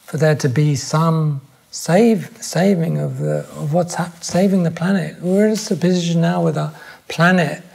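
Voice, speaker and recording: An older man talks in a relaxed podcast conversation. His voice is gravelly and sits a little high for a man, and he searches for words, restarting his sentences as he thinks aloud. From England. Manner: thoughtful, with halting restarts. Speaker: podcast guest. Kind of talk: reflective conversation.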